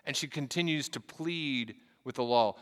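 A man's voice: medium pitch, normal speed, fairly bright tone, clean tone, long reverb tail. A man preaching a sermon, reading scripture aloud and telling a story with earnest emphasis and casual asides. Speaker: pastor.

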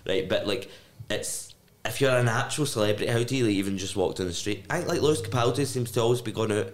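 A Glaswegian man, a comedian guest, telling animated anecdotes in casual chat. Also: mid-range voice, roomy sound. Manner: fast storytelling, animated.

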